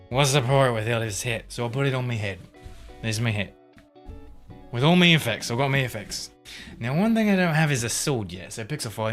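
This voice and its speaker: Brief: man putting on a roguish pirate captain, drawling and theatrical, loud and a touch high, soft music behind. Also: close to an everyday voice.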